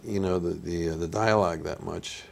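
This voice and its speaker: A man's voice: sits low, steady tone, moderate pace, gravelly. An older man with an Italian-American accent and a nasal voice, telling stories as an actor guest in a casual interview. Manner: storytelling, easygoing.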